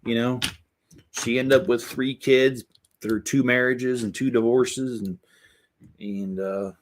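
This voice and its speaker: With slight background noise behind him, a middle-aged man of medium pitch chats casually while building Lego for his channel. He's candid and rambling, restarting sentences and veering into asides.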